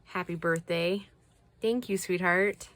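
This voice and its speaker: A woman's voice: lowish voice, fairly even intonation, takes it slowly. A woman chatting casually as she shows off crafty mail from subscribers, gushing over each piece and sometimes dropping to a whisper. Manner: gushing, soft-spoken, drops to whispers. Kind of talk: casual chat.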